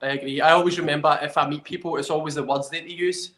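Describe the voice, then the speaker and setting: A man with a fairly high voice talks about his work in a casual interview. He sounds earnest and enthusiastic and often restarts his sentences. The room around him is echoey. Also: steady tone, fast, a bit bright, a little hiss or hum. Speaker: fitness trainer, guest. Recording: roomy echo.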